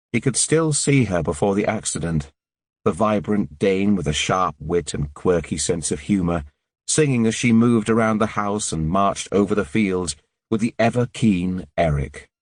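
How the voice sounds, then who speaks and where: A man reads a thriller audiobook in a measured, sombre way. His voice sits very low, recorded close in a dry booth. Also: no echo. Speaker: audiobook narrator. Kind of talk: scripted narration.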